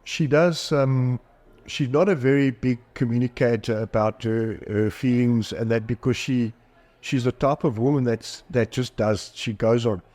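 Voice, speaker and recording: A middle-aged man, both psychologist and author, opens up in a podcast interview, telling self-deprecating personal stories and acting out the quoted lines. He speaks unhurriedly in a steady, slightly mellow mid-range voice.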